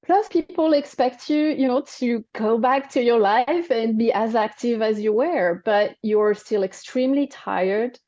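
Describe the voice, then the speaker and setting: A woman in her forties speaking English with a French accent, answering interview questions in a reflective, explanatory way. Her voice is fairly high but mellow and soft-toned. The sound is dry and slightly dull. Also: unhurried, hardly any pauses, dry recording. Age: 40s. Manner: reflective, explanatory, frequent "right?" and "you know". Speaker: guest. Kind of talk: interview conversation.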